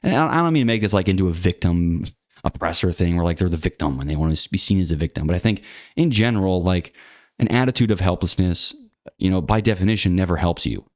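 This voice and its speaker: A man's voice: low-pitched, animated, fast, darkish tone, dry recording, clean studio sound. A man talking through his opinions in a rambling, blunt casual monologue, full of fillers and restarts. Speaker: channel host.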